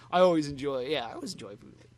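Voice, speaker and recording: A man with a slightly raised pitch chats loosely on a fan podcast. He rambles, circling back with constant "you know" and "like" fillers as he recalls an old concert. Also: animated, fast, a little mellow. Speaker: podcast co-host. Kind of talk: casual fan podcast chat.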